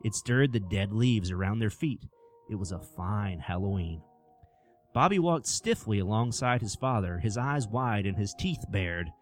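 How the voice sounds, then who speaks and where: A man narrating a scripted horror story with an expressive storytelling delivery. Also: lowish voice, unhurried, soft background music.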